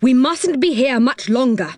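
A woman voicing a cheerful magical storybook fellow, chatty and excitable. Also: sits high, unhurried, no room sound, studio quality, pitched above the performer's own voice.

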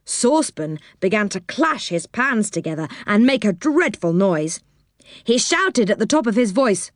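Woman storyteller, steady bedtime-book narration, dry close sound. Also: mid-range voice, moderate pace, no echo.

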